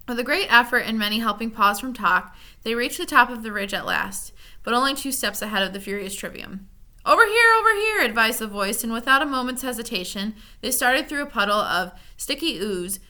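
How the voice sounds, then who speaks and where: A woman reading a children's novel aloud with expressive storytelling. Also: a little high. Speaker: reader.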